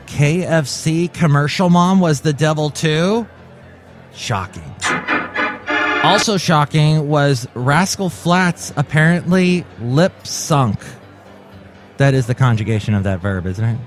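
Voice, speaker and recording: A man's voice: a little high, animated, slow pace, over music. A man in his forties hosting a comic solo podcast, telling stories in a wry, jokey way. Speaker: podcast host.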